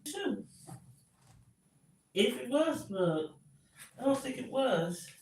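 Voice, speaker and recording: A woman's voice: fairly high pitch, sing-song, slow pace, creaky, darkish tone, distant mic, slight background noise. Exasperated woman talking into a roomy mic. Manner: exasperated, talks to viewers directly. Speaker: vlogger. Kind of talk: casual live stream chat. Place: home room.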